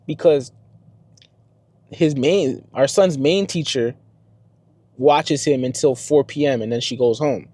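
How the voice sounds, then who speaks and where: A young man and first-time father telling a story to the camera in a casual, slangy vlog style. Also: medium pitch. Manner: slangy, conversational, animated retelling.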